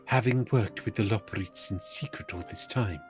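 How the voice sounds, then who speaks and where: A man's voice: fairly low pitch, moderate pace, music in the background. Teasing young man reading game lines. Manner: teasing, mock-solemn line reading. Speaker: game streamer reading dialogue. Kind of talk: casual gaming banter mixed with dramatic readings.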